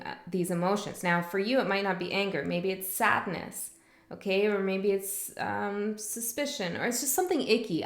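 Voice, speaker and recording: Woman tarot reader, mid-pitch, reflective rambling delivery in a roomy space. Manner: rambling, reflective, many fillers and restarts. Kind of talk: casual spiritual monologue.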